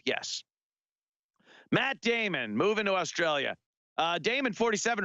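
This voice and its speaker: High, bright-voiced mocking radio host man. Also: no echo, highs cut off. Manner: mocking, rambling, lots of filler words. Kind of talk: sarcastic talk radio monologue.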